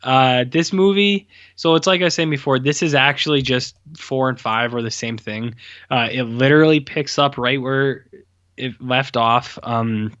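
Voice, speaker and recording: A man's voice: medium pitch, normal speed, fairly bright tone, no echo. Laid-back blunt guy, slightly dull sound. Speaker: podcast co-host. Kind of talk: casual chat.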